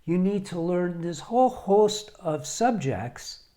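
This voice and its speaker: Slow, earnest man giving marriage advice. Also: high voice, lively intonation, dark tone. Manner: earnest, direct, deliberate with emphatic pauses. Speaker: marriage coach. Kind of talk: advice monologue to camera.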